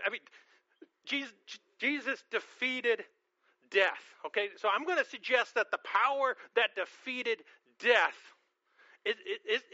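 A pastor with a high, bright voice preaches an earnest sermon, frequently stumbling on and repeating the first word of a phrase. He asks his listeners questions along the way. The recording is dry and a little dull.

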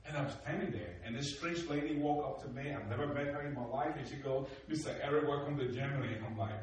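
A man from Africa telling his life story as a talk, animated and acting out the dialogue. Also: quick pace. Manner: animated, acts out dialogue with rising emphatic pitch. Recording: echoey hall from a distant mic.

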